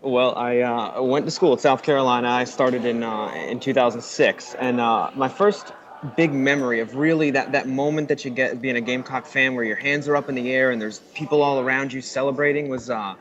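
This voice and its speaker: A man being interviewed by phone on a sports show, answering in a relaxed, storytelling way. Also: mid-range voice, fairly quick. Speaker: guest on a phone call. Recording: slightly muffled phone call.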